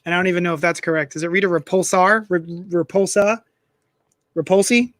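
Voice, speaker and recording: A man hosting a live comic unboxing stream, chatty and animated, with playful self-mocking asides, talking into a desk microphone. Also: sits high, brisk, no echo, clean studio sound. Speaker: comic shop host.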